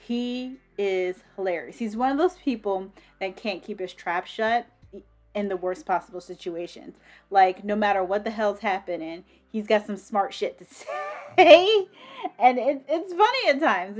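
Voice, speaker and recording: A woman giving a casual, enthusiastic book review, swearing freely and filling pauses with ums and restarts. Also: medium pitch. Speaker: book vlogger.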